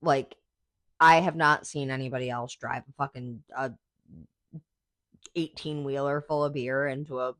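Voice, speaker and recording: A woman's voice: rumbling low, fairly even intonation, a little slow, long pauses, a bit bright, no echo, studio quality. A woman hosting a podcast in casual, profane, enthusiastic chat, full of "like"s. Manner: chatty, profane, enthusiastic fan talk with many "like"s. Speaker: podcast host.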